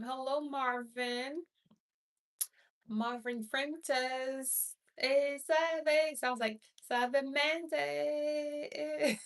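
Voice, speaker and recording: A woman's voice: sits high, a bit bright, far from the mic. A woman from Haiti, a hospice nurse, hosting a casual live stream who rambles, repeats herself and greets viewers by name. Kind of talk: casual livestream chat.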